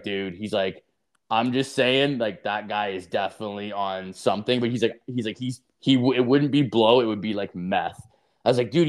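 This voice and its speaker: A man co-hosting a podcast, telling a long story in casual chat, full of swearing and filler words. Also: mid-range voice. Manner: rambling profane storytelling, heavy filler. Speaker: podcast co-host.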